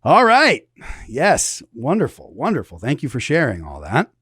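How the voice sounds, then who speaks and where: A solemn, slow-talking interviewer , put on by a man. The delivery is hushed and grand, at a middle pitch. The recording is close and dry. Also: wildly swooping pitch, husky, no room sound, faint music behind, full character voice.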